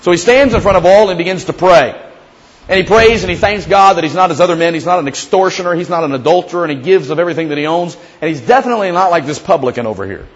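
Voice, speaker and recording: A man's voice: fairly high pitch, quick pace, lo-fi sound. A man preaching a sermon as a pastor in a conversational, storytelling way, often acting out the prayers he quotes. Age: young adult or middle-aged father.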